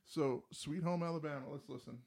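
A man's voice: a little high, fairly quick, gravelly. A man co-hosting a casual music talk, telling stories animatedly and mimicking riffs and voices. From New Jersey. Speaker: podcast co-host. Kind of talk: casual chat about music.

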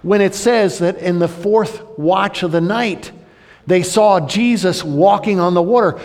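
A male pastor preaching a sermon, dramatic, swinging between loud, high outbursts and hushed, low passages. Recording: long hall reverb.

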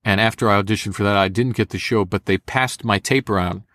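A man's voice: on the low side, quick pace, no room sound. A young American man, a voice actor, telling stories in a casual interview and slipping into impressions. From United States. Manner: animated storyteller, slips into impressions. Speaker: voice actor guest.

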